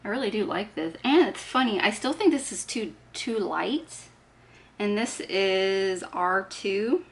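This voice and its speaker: A woman chatting casually while she does her makeup, talking through each step and poking fun at herself. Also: mid-range voice. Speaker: beauty vlogger. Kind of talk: casual get-ready-with-me chat.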